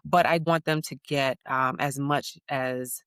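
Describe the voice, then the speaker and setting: A woman's voice: extremely low pitch, steady tone, unhurried, fairly bright tone, clear, resonant tone, dry recording, clean studio sound. A woman in her thirties, born in the United States, telling family stories as a guest and acting out her children's voices. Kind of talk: conversational interview.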